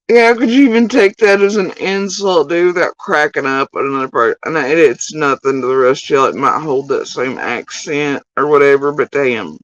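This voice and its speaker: A woman's voice: sits low, normal speed, hardly any pauses, no echo, muffled recording. A woman streamer, ranting and swearing in sarcastic, mocking commentary on clips she plays.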